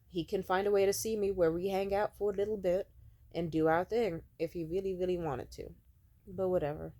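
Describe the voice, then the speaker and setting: A young woman in her twenties venting in a profane, sarcastic rant, sometimes mocking other people in a high voice. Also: warm tone. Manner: profane, sarcastic, exasperated ranting. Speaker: vlogger. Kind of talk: ranting vent vlog.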